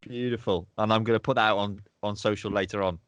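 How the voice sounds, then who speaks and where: Emotional man, low dry voice. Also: steady tone, fast talker, clean tone, dry recording. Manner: emotional, effusive, repeats words. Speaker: podcast guest. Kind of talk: casual interview chat.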